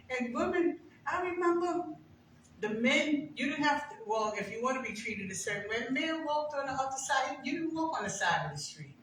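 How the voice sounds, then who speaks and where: A woman's voice: high voice, very animated, normal speed, a bit bright, a little hiss or hum. An older woman giving a conversational personal testimony as a guest speaker, telling stories with emphasis. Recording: very echoey room, far from mic.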